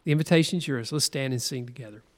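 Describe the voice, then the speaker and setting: A man's voice: medium pitch, fast talker, a little mellow. A man preaching a sermon, reading scripture aloud with earnest emphasis and stretching key words. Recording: long hall reverb.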